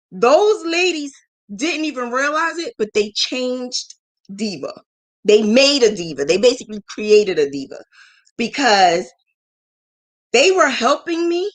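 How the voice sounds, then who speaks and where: A woman hosting a live business mentoring stream, frank and emotional, acting out quoted voices with big jumps in pitch. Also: fairly bright tone. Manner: frank, emotional, scolding yet affectionate. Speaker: business mentor and crochet channel host.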